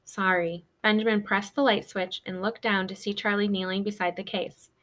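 A woman teacher reading a children's novel aloud to her students in a steady, expressive way. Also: mid-range voice, a little fast. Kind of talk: storybook read-aloud.

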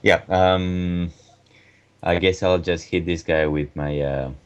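A man's voice: low-pitched, steady tone, slow pace, smooth. A man playing a tabletop game, hesitant and laughing between moves. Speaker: player. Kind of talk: casual tabletop game chat.

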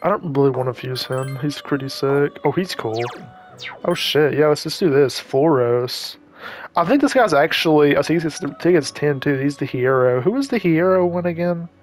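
A man giving casual let's-play commentary, rambling and chatty with frequent self-corrections and quick asides. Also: a little high, animated, faint music behind. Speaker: gaming YouTuber.

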